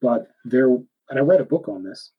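A man's voice: mid-range voice, lively intonation, normal speed, slightly rough, phone-quality sound. A man with a Canadian accent chatting casually, rambling and correcting himself as he goes. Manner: rambling, self-correcting, laughs often. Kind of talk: casual chat.

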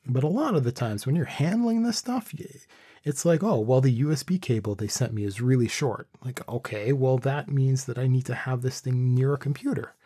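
Man, dark husky voice, dry close studio mic, rambling casual gear talk. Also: mid-range voice, moderate pace, dry recording. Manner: rambling, thinking aloud with restarts. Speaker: vlogger reviewing his microphone setup. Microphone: studio condenser microphone with pop screen.

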